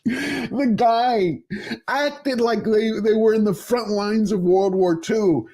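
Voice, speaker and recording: A man chatting casually on a podcast, animated and laughing, jumping into high disbelieving outbursts. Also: takes it slowly. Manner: animated, laughing, swings into high incredulous exclamations.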